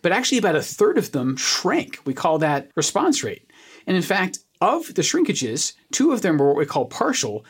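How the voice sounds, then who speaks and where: A podcast oncologist talks through a treatment study with lots of melodic rise and fall. The voice has a husky edge, and the tone stays energetic and explanatory, full of homely comparisons. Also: mid-range voice, normal speed. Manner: animated, explains with everyday analogies.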